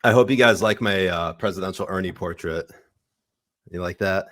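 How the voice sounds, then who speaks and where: Male podcast co-host, low voice, dry close mic, joking banter. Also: moderate pace, fairly bright tone, no room sound. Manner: joking, laughs often, reads tweets aloud. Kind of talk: casual chat.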